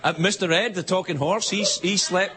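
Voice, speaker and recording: A man's voice: sits high, steady tone, a little fast. A Scottish man hosting a late-night show, delivering a teasing comedy monologue in a TV studio. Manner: playful, teasing, joking. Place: TV studio before a live audience. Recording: loud studio audience laughter and noise.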